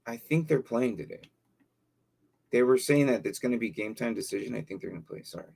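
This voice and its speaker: A man's voice: medium pitch, a little fast, creaky, darkish tone, slightly rough. A man hosting a casual live stream, reading viewer questions and thinking aloud with plenty of fillers and repeated words. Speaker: livestream host answering fantasy football questions.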